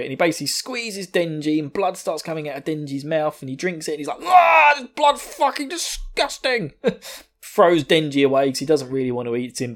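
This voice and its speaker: Laughing, swearing man. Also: on the high side. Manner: laughing, profane, animated retelling. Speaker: podcast co-host. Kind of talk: casual anime recap.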